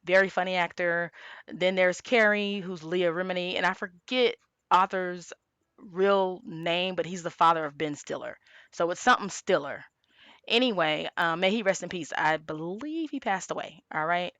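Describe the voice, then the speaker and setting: A woman's voice: lowish voice, moderate pace, fairly bright tone, dry recording. A woman giving a casual tarot reading, talking chattily and with emphasis, sometimes acting out quoted lines. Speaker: tarot reader.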